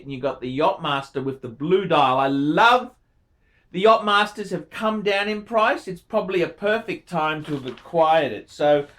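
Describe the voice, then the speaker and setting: A man's voice: high-pitched, a bit bright. A man in his forties hosting a watch channel, reviewing a viewer's collection in a casual, profane and emphatic monologue, repeating phrases for emphasis. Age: 40s. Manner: effusive, enthusiastic.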